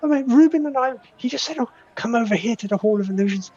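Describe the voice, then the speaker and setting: A small, weepy halfling woman pleads through tears in a high, breathy falsetto, as a man puts her on. Her voice rises and quavers. The sound is dull and lo-fi, like a home tabletop recording. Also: expressive, fast talker, a little mellow. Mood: tearful pleading. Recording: dull lo-fi audio.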